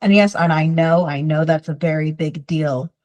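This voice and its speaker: A woman's voice: low-pitched, normal speed, a little mellow, poor audio. A woman behavior specialist teaching through stories from her work, acting out the lines she quotes.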